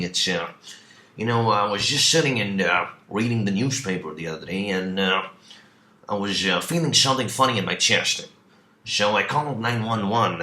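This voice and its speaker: A man's voice: lowish voice, sharp tone. A man voicing a rambling older male late-night talk show host who tells a story with many hesitations. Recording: echoey room.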